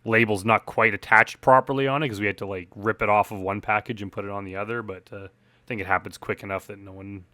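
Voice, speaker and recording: A man giving a relaxed, rambling director's commentary on his film, full of fillers like "like" and "uh". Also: fairly low pitch, fast, no echo.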